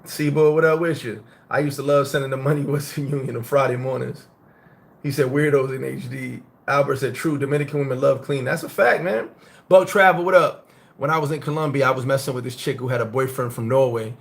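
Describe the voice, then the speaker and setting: A middle-aged man who grew up in the United States, hosting a casual live-stream chat and telling stories in a blunt, profane, animated way. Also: medium pitch, fairly quick, vocal fry. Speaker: host.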